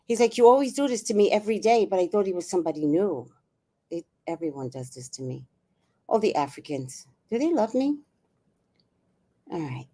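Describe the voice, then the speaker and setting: Woman, livestream host, casual chat, animated pitch, exclaiming, swearing.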